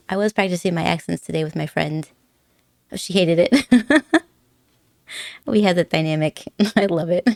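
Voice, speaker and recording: A woman's voice: lowish voice, normal speed, creaky, long pauses, a little mellow, dry recording. A young woman chats with her viewers in a giggly, rambling way, often breaking into laughter as she talks. Her voice comes through close and dry on a desk microphone, with a nervous edge under the chatter. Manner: giggly, chatty, rambling, puts on silly accents. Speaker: streamer. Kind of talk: casual chat with viewers.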